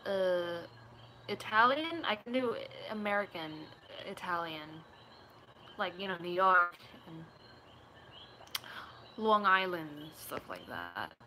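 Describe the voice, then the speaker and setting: A woman's voice: mid-range voice, bright, forceful tone, a little hiss or hum, low-quality recording. A young woman from Puerto Rico chatting casually with her viewers on a live stream, her voice a little sore and tired from talking for hours. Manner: reads chat questions and answers offhand, tries joke accents.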